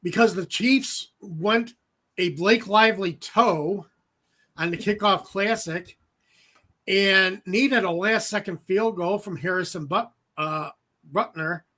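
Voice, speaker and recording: A man's voice: sits high, slow pace, sharp tone. A man co-hosting a casual sports podcast, chatty and loose, with lots of fillers and little jokes.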